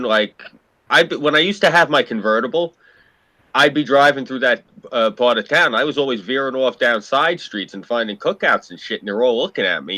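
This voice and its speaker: A man chatting casually, telling loose stories with plenty of swearing and laughter. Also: medium pitch. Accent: American. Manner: lively storyteller, swears freely, laughs often. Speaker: podcast co-host. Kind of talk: casual chat.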